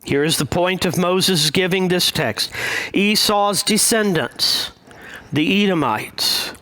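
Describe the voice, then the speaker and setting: A male pastor preaching a sermon, speaking in a measured, deliberate way with frequent pauses. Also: high voice, bright, forceful tone.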